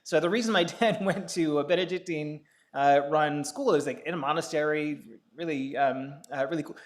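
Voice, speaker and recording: Chatty male lecturer with a higher voice. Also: normal speed. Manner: conversational, frequent filler sounds, light chuckles. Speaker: law lecturer. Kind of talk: public lecture, personal storytelling. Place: lecture hall.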